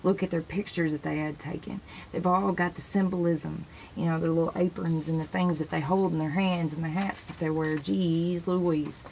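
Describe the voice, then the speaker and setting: Woman host, gravelly voice, casual and rambling, eager to show pictures from her books. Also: fairly low pitch, fairly even intonation, moderate pace, few pauses, darkish tone, slight background noise, rough recording. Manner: sprinkles praise phrases into talk. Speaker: religious video host. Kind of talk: casual show-and-tell talk to camera.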